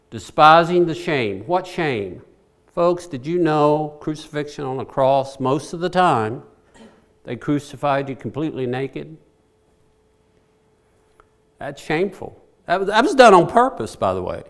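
Emphatic preacher with a high, swooping voice. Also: male voice, very animated, slow, pauses often. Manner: emphatic, repeats key phrases, asks questions of the congregation. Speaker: pastor. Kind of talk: sermon.

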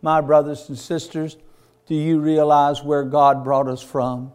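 A man's voice: on the high side, completely flat delivery, measured pace, a little mellow, clear, resonant tone. A man preaching a sermon to his church, retelling stories with fervor and repeating phrases in rhythmic runs. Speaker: pastor.

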